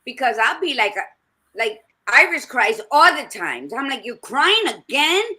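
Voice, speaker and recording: A blunt woman on a podcast with a bright, forceful voice pitched a little high. She tells animated stories in casual chat and swears without hesitation. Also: moderate pace. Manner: blunt, animated storytelling with profanity. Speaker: podcast co-host. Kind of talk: casual conversational discussion.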